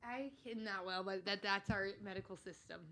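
A woman's voice: medium pitch, moderate pace. A young woman co-hosting a podcast, reacting with lots of laughter in casual chat. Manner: laughs often, animated reactions. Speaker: co-host.

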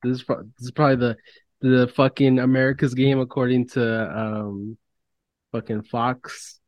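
A man's voice: mid-range voice, normal speed, dry recording, lo-fi sound. A man co-hosting a sports podcast, talking casually, swearing a lot and venting about announcers. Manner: profane, animated, mocks announcers. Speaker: podcast co-host.

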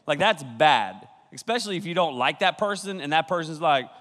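A man preaching to young people, playful and jokey, stopping to laugh and act out how his listeners might react. His voice sits a little high for a man. It rings with the long reverb of a large church hall, filmed by a camera crew. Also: animated, brisk, fairly bright tone. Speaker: youth pastor. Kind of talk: joking youth sermon.

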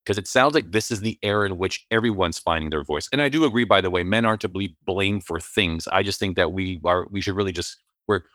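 A male interview host with a very low voice asks long, rambling questions. He hesitates and fills gaps with ums and restarts. The recording is close and dry. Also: fairly bright tone, no room sound. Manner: rambling, hesitant, many fillers. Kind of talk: interview conversation.

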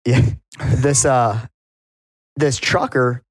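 A man's voice: mid-range voice, fairly even intonation, very slow, dry recording, studio quality. A man co-hosting a podcast, a gym owner telling rambling anecdotes in casual chat.

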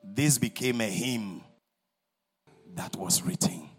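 A male preacher telling a story in a dramatic sermon, husky, swinging between shouts and whispers. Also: fairly low pitch, slow, pauses often, soft background music.

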